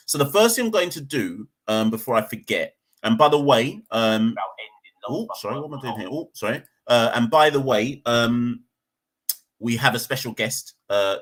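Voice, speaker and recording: A man hosting a live podcast from home, chatty and rambling, low on energy and exasperated. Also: fairly bright tone. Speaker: podcast host. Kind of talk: casual live-stream chat. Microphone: desk microphone, unplugged at first.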